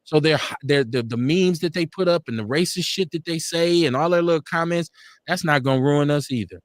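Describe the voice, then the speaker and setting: A fervent male talk-show host with a slightly raised pitch, his speech punchy, profane and preacherly. He hammers each point through repetition, recorded dry and close with almost no room sound. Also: a little fast, no room sound. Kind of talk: impassioned political talk-show commentary.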